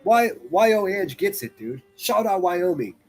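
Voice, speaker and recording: Animated, profane man mocking a clip on a livestream. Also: high-pitched, moderate pace, soft background music. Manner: profane, mocking, swings between loud outbursts and muttering. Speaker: livestream commentator. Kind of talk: reacting to clips on a livestream.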